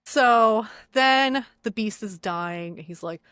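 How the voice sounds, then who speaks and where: A woman's voice: medium pitch, slow pace, a bit bright, clear, resonant tone, no room sound. A young woman co-hosting a podcast, recapping a film in casual chat, acting out the characters' lines and swearing freely. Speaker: podcast co-host.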